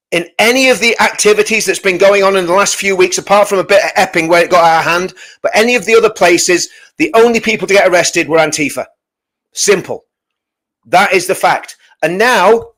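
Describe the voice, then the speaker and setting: A man's voice: high-pitched, a bit bright, poor audio. A man giving an impassioned rant to his viewers, emphatic and repetitive, often tagging "right?" onto his points. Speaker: activist addressing viewers.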